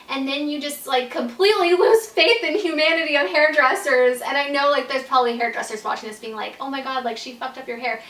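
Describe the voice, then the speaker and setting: A woman's voice: high voice, a bit bright, distant mic. A young woman telling a casual storytime to her vlog audience, peppering every phrase with "like" and swearing freely. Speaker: YouTuber telling a personal story. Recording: roomy echo, voice set back from the mic.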